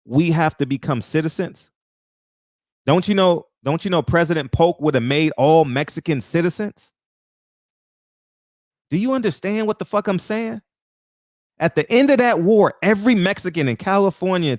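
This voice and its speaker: A slightly mellow male show host rants through a casual opinion monologue, heated and profane. Rhetorical questions fly, words get repeated for emphasis, and his delivery swings high and low. The recording is dry and clean, studio-grade.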